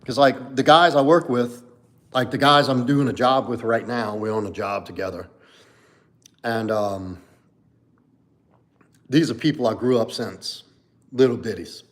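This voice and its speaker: A man's voice: mid-range voice, unhurried, pauses often. A man in his forties hosting a casual livestream as a coach, answering viewer comments in a blunt, candid, profane way with lots of "like" and "you know". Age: 40s.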